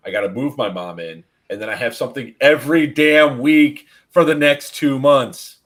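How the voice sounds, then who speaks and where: On a casual live stream, a male podcast host with a medium-pitched voice tells a story at a moderate pace. He's animated and keeps laughing, acting out the different voices in his anecdote.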